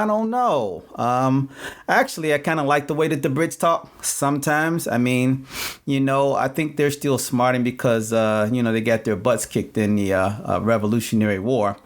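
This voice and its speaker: A man hosting a solo podcast, chatting casually with lots of fillers and repeating his questions. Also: medium pitch. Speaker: podcast host. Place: home in Phoenix, Arizona.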